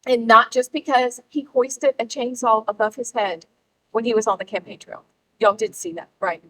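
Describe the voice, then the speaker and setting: A middle-aged woman addresses a gathered audience in a rallying public speech. Her voice sits a little high, and she leans hard on key words with dramatic pauses between them. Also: poor audio. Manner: emphatic, rallying, with pauses for effect. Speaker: speaker at a political gathering.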